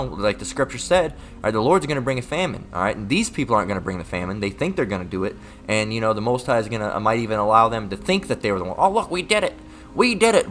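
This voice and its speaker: An online scripture teacher gives a casual livestream Bible lesson in a lowish, fairly bright voice. He rambles, repeats words, and keeps tacking on "all right?", while reading scripture aloud slowly and deliberately.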